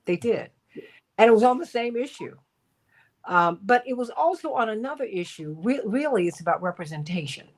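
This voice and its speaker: A woman's voice: on the high side, lively intonation, moderate pace. A woman hosting a political talk radio show, chatting with guests by name and sharing personal anecdotes.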